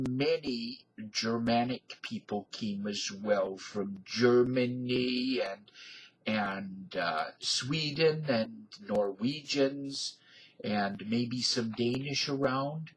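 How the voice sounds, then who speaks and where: A man's voice: medium pitch, slightly rough, rough recording. A man in his fifties with a folksy, digressive manner, talking to camera in a rambling casual monologue. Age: 50s. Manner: folksy, digressive, filler-heavy. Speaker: video blogger.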